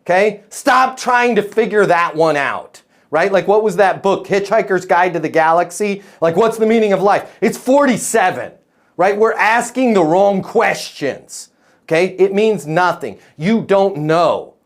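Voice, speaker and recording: Sales coach guy on a video call, kinda high voice, punchy, keeps saying right? okay?. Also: animated, a little slow. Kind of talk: live group coaching call.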